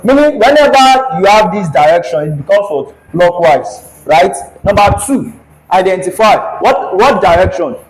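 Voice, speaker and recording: A man's voice: sits high, animated, moderate pace, low-quality recording. A man teaching a classroom engineering lecture at a board, who keeps repeating his questions so the students will answer.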